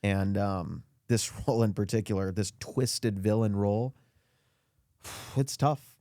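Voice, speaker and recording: A man as a podcast guest in a comedic rant, indignant and self-pitying, his voice climbing high as he complains. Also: takes it slowly, warm tone, no echo, studio quality. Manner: indignant, whiny self-pity, voice climbs high when ranting. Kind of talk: comedic mock interview rant.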